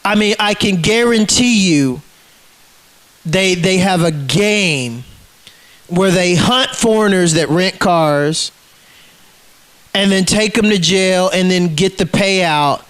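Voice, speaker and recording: A man with a notably high voice rants straight to camera. He is agitated and swears freely, tripping over and repeating his words as he pushes his point. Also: slow, pauses often, a bit bright. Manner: profane, agitated, repeats himself. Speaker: vlogger. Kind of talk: ranting monologue to camera.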